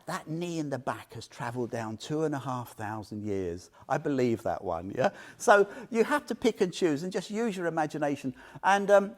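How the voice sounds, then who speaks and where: A man giving an informal Buddhist talk to a small group, telling stories with questions and laughter. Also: on the high side. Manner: animated storyteller, asks listeners questions, laughs often. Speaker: Buddhist teacher.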